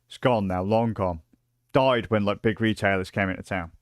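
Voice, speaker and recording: A man's voice: fairly low pitch, moderate pace, no echo, studio quality. Swearing British man telling stories. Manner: profane, excitable storytelling with many fillers. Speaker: livestreamer. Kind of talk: casual rambling stream chat.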